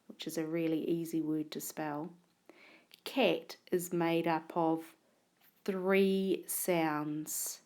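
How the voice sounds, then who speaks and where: A woman teacher narrating a whiteboard spelling lesson, sounding out words and letters slowly and deliberately, recorded on a tablet. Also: lowish voice, a little mellow.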